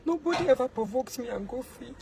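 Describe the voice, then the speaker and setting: Ranting Nigerian woman, high voice. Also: expressive, quick pace, vocal fry, crowd noise, low-quality recording. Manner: scolding, swings between shouting and low pleading. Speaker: social media personality. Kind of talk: angry to-camera rant.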